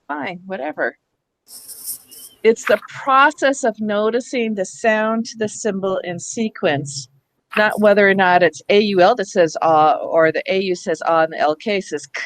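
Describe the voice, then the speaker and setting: In a school room, a woman leads a hands-on reading workshop for teachers, explaining patiently and checking in with the group as she goes. Her voice is medium in pitch, and the recording is rough but has no echo.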